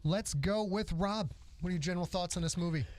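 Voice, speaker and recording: A man with a fairly high voice hosts a loose, jokey podcast chat. He is recorded close and dry in a small audio booth, with no room sound around him. He keeps the talk light and quick to laugh. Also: darkish tone, no room sound. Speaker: podcast host and novelist. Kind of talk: casual live-stream chat.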